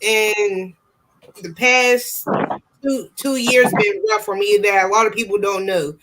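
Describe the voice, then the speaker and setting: A man's voice: sits high, steady tone, unhurried, background noise. A man in casual chat on a stream panel, emotional and close to tears, repeating himself.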